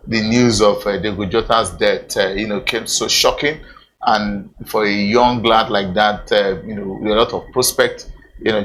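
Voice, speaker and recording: A Nigerian man hosts a TV football show from a studio. His voice sits a little low, and he talks haltingly, leaning on fillers and saying things twice. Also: fairly bright tone, low-quality recording. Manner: halting, full of fillers and repeated phrases. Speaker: TV sports show host. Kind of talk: studio discussion, casual.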